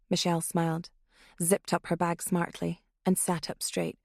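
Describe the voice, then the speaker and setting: A woman narrates a thriller audiobook in a steady, even reading voice. Her tone carries a gravelly rasp, and the recording is close and dry with no room sound. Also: lowish voice, normal speed, no room sound. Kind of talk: scripted narration.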